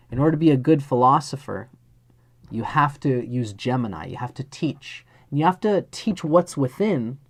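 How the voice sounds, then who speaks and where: A man giving a live astrology chart reading, speaking earnestly and directly to the person he reads for. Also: mid-range voice. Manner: earnest, speaks straight to the listener, acts out little scenes.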